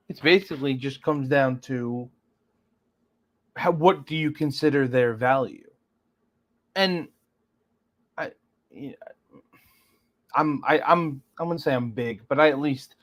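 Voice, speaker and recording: A man co-hosting a podcast, talking through sports numbers analytically, often stopping and restarting his sentences. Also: medium pitch. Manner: analytical, halting with frequent restarts. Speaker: podcast co-host. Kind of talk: casual sports chat.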